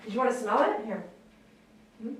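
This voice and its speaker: A woman dog groomer on a live stream, speaking softly and tenderly to a dog while tearful. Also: a little high, moderate pace. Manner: soft-spoken, tender talk to a dog. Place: grooming shop. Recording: very echoey room, mic far off, faint noise.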